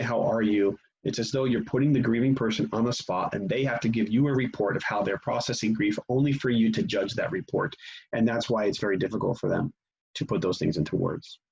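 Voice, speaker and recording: A man leads a church teaching session and talks it through casually, with plenty of ums and restarts. His voice is gravelly and a little husky. The recording sounds dull and lo-fi. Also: on the low side, fairly quick, a little mellow. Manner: conversational, frequent fillers and restarts. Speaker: pastor.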